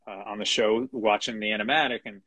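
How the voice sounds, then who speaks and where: A man's voice: lowish voice, fairly even intonation, quick pace, pushed and bright, breathy edge, no echo. A middle-aged man, a guest animation writer, chatting casually in an interview with many restarts, fillers and small chuckles.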